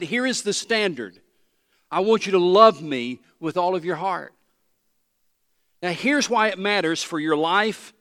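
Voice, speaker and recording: A male pastor preaching to his church, emphatic, slowing down and repeating key phrases. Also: high voice, fairly bright tone. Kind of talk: sermon. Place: large church hall. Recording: long hall reverb.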